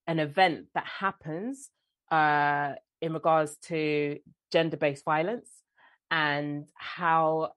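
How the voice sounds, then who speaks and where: A young woman with a London accent talks in an animated, storytelling way, often slipping into other people's voices. Her voice sits fairly low. The sound is dry and close. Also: dry recording. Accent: London English. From London, England. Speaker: guest actress and filmmaker. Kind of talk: conversational interview.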